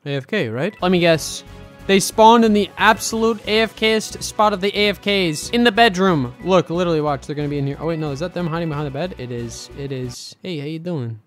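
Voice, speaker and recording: Young male gaming host, casual and teasing, talks straight to viewers, spikes into loud excitement; faint music underneath. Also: a little high, fairly quick. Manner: chatty, talks to viewers as "boys". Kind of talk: gameplay commentary.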